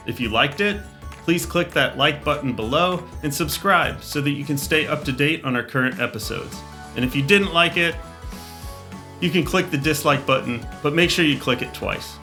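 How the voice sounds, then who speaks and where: A man hosting a podcast speaks in an easygoing, casual way and then reads a short scripted sign-off. His voice sits in a middle pitch, with faint music behind him. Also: animated, normal speed, sharp tone. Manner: easygoing, wraps up the episode. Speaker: podcast host. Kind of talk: casual chat and scripted outro.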